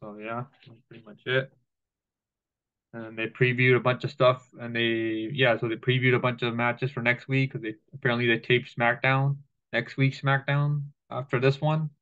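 A man recaps a wrestling episode in a relaxed, offhand way, dropping profanity and reciting lines as he goes. His voice is smooth and clear but stays fairly flat in pitch. The recording sounds a little muffled and lo-fi. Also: normal speed. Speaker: wrestling show reviewer. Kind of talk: casual show recap.

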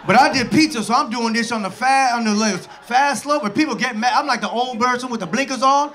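High-voiced man doing loud stand-up. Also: brisk, hardly any pauses. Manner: loud, animated storytelling with shouted character voices. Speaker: stand-up comedian. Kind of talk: stand-up comedy routine. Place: comedy club stage. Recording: live comedy club with laughing crowd. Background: audience laughter.

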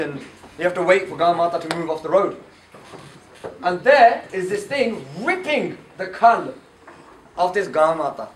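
A man giving a lively, story-driven talk to teenagers at a youth camp, quizzing his audience as he goes. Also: high voice. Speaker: camp speaker. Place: indoor camp hall. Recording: echoey room, far from the mic, faint noise.

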